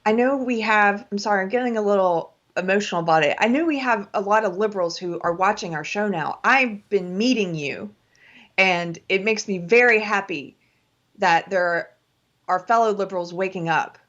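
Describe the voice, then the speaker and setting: An impassioned woman co-host pleads with her audience on a political talk show, often tripping over and repeating her words. Her voice sits at a middle pitch, and the audio has a dull, lo-fi quality. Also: moderate pace, a bit bright.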